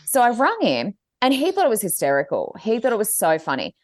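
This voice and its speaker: A woman co-hosting a podcast tells a story in a casual chat. Her pitch swoops widely as she acts out the quoted voices. The sound is dry and close. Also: brisk, no room sound. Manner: animated storytelling, acting out quotes. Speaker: podcast co-host.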